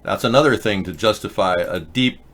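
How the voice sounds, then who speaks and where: A man's voice: low voice, moderate pace, creaky, fairly bright tone. A man hosting a live-stream show, talking in a rambling, sarcastic way with frequent restarts. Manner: rambling, sarcastic, self-interrupting. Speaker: host. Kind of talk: casual live-stream commentary.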